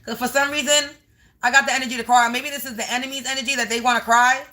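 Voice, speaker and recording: Woman spiritual reader on a home livestream, bright tone, emphatic and repetitive. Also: high-pitched, steady tone, fast talker. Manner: emphatic, repetitive, talks straight to viewers. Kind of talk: casual livestream card reading.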